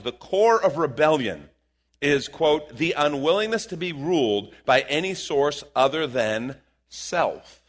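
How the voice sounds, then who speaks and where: A man preaching a live sermon as pastor, animated and joking with his congregation in a church auditorium. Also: medium pitch. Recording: long hall reverb from a church room.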